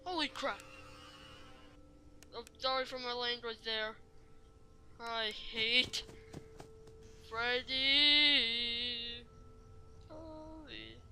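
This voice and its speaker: A woman's voice: on the high side, slow pace, long pauses, bright, forceful tone, a little hiss or hum. A woman doing let's play commentary, jumpy and rambling, who keeps apologizing to viewers. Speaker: gamer.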